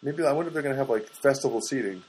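A man's voice: mid-range voice, very fast, a little mellow, husky, poor audio. A man from the US East Coast talking casually in a rambling solo monologue, chatty and self-deprecating, often putting on comic voices for other people.

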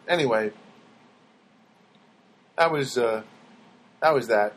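A man's voice: on the high side, normal speed, long pauses, slight background noise. A man telling meandering comic stories in a wry, self-mocking monologue, acting out the people he quotes.

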